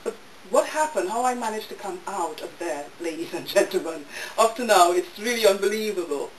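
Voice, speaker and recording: A woman's voice: medium pitch, expressive, brisk. A woman gives emotional personal testimony to a live audience, her voice heard from some distance off the mic. The room is roomy and echoey, with a faint hiss underneath. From United States. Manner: emotional, intense, repeats phrases. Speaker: speaker at a public talk. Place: bookshop event room.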